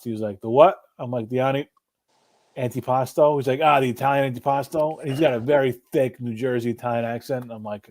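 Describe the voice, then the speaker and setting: A middle-aged man in easygoing conversation who rambles through a story. He swears casually and laughs often, at a middle pitch. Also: darkish tone. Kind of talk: casual chat.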